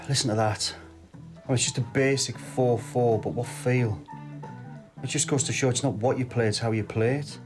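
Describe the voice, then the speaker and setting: An actor playing a stressed, harassed male schoolteacher in a television drama, theatrical in class and flat and weary at home. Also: medium pitch, moderate pace, over music, natural voice. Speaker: teacher.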